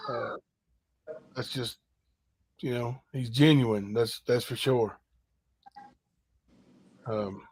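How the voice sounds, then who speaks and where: A man's voice: mid-range voice, darkish tone. A man hosting a casual late-night stream, plain and blunt, with short replies.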